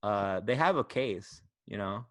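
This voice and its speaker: A man's voice: on the low side, lively intonation, unhurried, no echo, clean studio sound. A man, a comedian guest on a podcast, telling a story in loose, rambling casual chat. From Houston, Texas. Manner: rambling, self-interrupting, loose.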